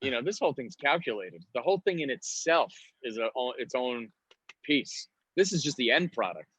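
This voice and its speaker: A man's voice: medium pitch, big pitch swings, moderate pace, a bit bright, slightly rough, no room sound, rough recording. A man with a New York accent, a comedian guest on a casual podcast, telling stories and slipping into put-on voices, laughing often. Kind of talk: casual podcast interview, storytelling.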